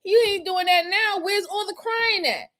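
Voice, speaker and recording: A woman's voice: very high voice, unhurried, sharp tone. A woman hosting a crime review, talking in a casual, slangy and blunt way. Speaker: host reviewing crime footage. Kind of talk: casual commentary.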